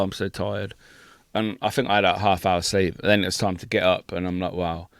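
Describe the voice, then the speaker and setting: A man's voice: mid-range voice, dry recording, studio quality. A young adult man, a podcast co-host, telling a long anecdote in casual chat, full of swearing.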